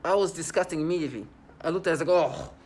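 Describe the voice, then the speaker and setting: A man's voice: on the high side, racing. A man talking straight to camera in a casual monologue, agitated and rambling, repeating himself often.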